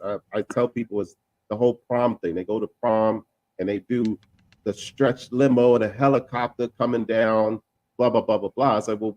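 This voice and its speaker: A man talking casually in a discussion, emphatic and repeating himself, with quick asides. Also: fairly low pitch, a little mellow, no room sound, muffled recording.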